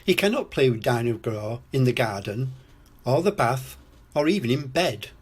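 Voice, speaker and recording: An older man reading a children's storybook aloud as a storyteller grandad, in a slow gentle read-aloud. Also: medium pitch, animated, slightly rough.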